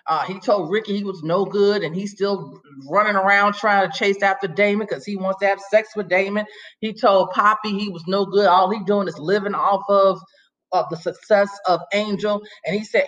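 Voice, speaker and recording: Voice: medium pitch, normal speed. Chatty sassy recap host, acts out everybody's lines, kinda muffled lo-fi audio. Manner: animated storytelling, acts out quotes, sassy asides. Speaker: podcast host recapping a TV episode. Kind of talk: casual recap chat.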